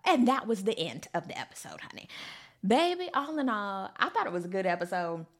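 Sassy, lively woman recapping. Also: mid-range voice, fairly quick. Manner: sassy and expressive, calls listeners honey and child. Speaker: podcast host recapping a reality show. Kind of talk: casual chatty recap.

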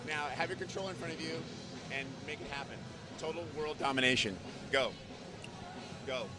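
A man pitching snacks in a salesy, cheering way and egging the host on. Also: fairly quick, loud music behind the voice. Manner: salesy, cheering, laughing often.

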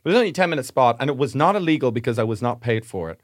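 A man on a comedy podcast, telling a travel story wryly and with deadpan self-mockery. His voice sits at a middle pitch. It is recorded dry and close, with no room sound. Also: very fast, no room sound. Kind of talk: casual chat.

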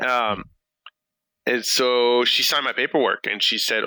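A man from France, a guest in an interview, telling a story in an animated way, acting out bits of dialogue with plenty of fillers. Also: medium pitch, a little slow, smooth, no echo, low-quality recording.

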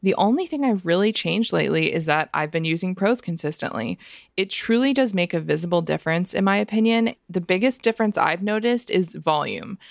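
A woman co-hosting a podcast, talking in a relaxed, agreeable way. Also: lowish voice, gravelly, dry recording, clean studio sound. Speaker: podcast co-host. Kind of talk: casual chat.

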